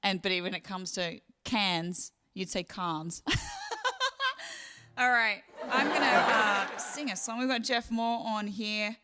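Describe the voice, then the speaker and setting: A woman's voice: medium pitch, a little slow, pushed and bright, some chatter behind, a little hiss or hum. A woman with an Australian accent hosting a casual live stream, chatting and reading out viewer comments. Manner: chatty, reads out viewer comments, laughs often. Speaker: live stream host and singer.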